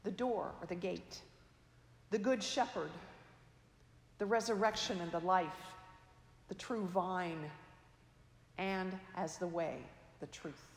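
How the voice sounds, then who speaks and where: A woman preaching a sermon in a slow, measured, reflective way, her phrase endings trailing off softly. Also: lowish voice, gravelly. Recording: echoey hall, long reverb.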